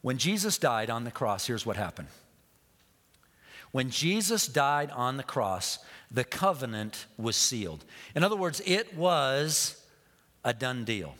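Preacher in a reverberant hall. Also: male voice, mid-range voice, big pitch swings, measured pace, sharp tone. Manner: storytelling, repeats phrases, drops to a whisper. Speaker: pastor. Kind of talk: sermon.

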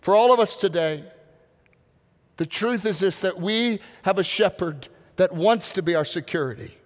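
A man preaching a sermon as pastor, earnest, slowing down to stress key words. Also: high voice. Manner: earnest preaching with slow, drawn-out emphasis. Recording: reverberant hall.

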